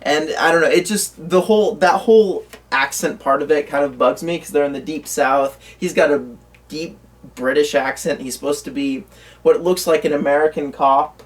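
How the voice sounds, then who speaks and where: A man's voice: fairly high pitch, fairly even intonation, normal speed, recorded from a distance. A man co-hosting a casual movie news chat, rambling with lots of fillers and restarts. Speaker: co-host. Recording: voice from away from the mic.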